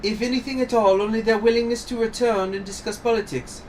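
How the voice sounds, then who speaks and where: A brash Cockney madam, sly and never rattled, as a man puts her on over a game. The voice sits high and bright, chirpy and cheeky, dodging every question with a grin. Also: steady tone, fast, distant mic, slight background noise, natural voice. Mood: cheeky, evasive. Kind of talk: reading game dialogue aloud.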